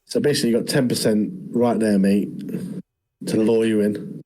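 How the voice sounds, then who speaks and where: A man's voice: lowish voice, fairly even intonation, moderate pace, a crowd in the background, rough recording. A man, co-hosting a podcast in a rambling casual chat, saying "mate" all the time. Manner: rambling, says "mate" constantly. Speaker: podcast co-host.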